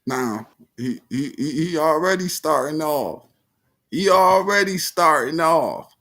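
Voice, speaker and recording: A man hosting a reaction video, commenting in a mocking, animated, slang-heavy way. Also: a little high, slow.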